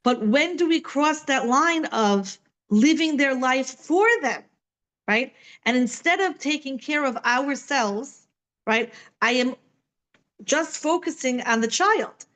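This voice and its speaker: A woman's voice: high-pitched, takes it slowly, a bit bright, rough recording. A middle-aged woman teaching a Torah class online from home, chatty and full of "right?" asides. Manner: conversational, many fillers and "right?" asides.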